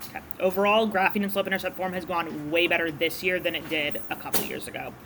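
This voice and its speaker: Casting note: woman math teacher, bright, easygoing classroom lecture, faint room hum. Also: on the low side, steady tone, fast. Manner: casual, chatty explaining.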